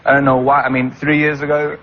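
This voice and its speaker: A man's voice: medium pitch, flat delivery, a little fast. A young man being interviewed, chatting casually and rambling, laughing often at himself. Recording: lo-fi with clear background noise.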